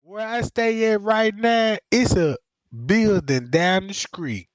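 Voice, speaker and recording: A man doing casual reaction commentary on a stream, mocking and roasting with profane, loud jokes. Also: high voice, takes it slowly, dry recording, highs cut off.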